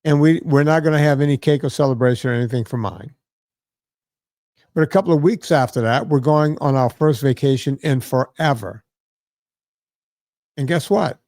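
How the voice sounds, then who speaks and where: A man hosting a podcast, telling a long anecdote in a relaxed, rambling way, with frequent fillers and "right?" asides. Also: medium pitch, no echo, studio quality. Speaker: podcast host. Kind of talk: casual podcast chat.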